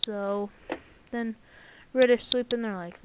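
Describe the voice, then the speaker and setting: A woman's voice: medium pitch, steady tone, slow pace, long pauses, low-quality recording. A woman giving casual, rambling commentary over an alternate-history map, joking and full of fillers and sound effects. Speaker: channel host.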